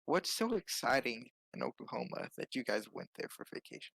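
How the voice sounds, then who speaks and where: A man in casual chat with friends, teasing and quick to poke holes in stories. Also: medium pitch, wildly swooping pitch, creaky, a bit bright. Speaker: co-host.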